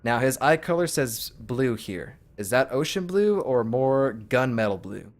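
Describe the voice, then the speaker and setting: A man's voice: mid-range voice, animated, measured pace. A man streaming a game, casually reading its text aloud in his own voice with asides.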